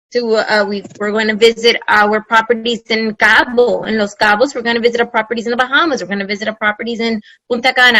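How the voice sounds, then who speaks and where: A fairly high-pitched woman with a pushed, bright voice presents a webinar from home over a video-call mic, effusive and enthusiastic and repeating phrases for emphasis. The recording is rough but has no room sound.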